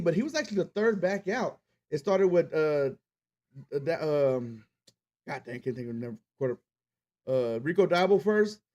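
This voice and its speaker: A man's voice: sits high, a little mellow. A man hosting a podcast, ranting casually and with plenty of swearing about sports fans and reading the live chat. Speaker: podcast host.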